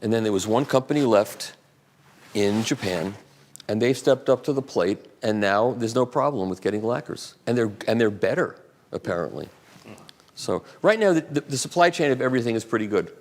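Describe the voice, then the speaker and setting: An older man speaking live to an audience, answering questions with rambling, animated anecdotes. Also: mid-range voice, moderate pace.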